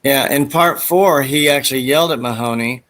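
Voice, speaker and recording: A man's voice: medium pitch, moderate pace, fairly bright tone. A man hosting a casual chat, rambling as he retells movie scenes and acts out the quoted lines.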